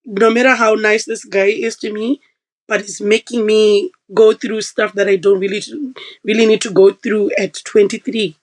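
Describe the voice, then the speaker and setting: A woman guest on a podcast, telling a personal story in a casual, animated way and acting out the voices of the people she quotes. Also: mid-range voice, normal speed, rough recording.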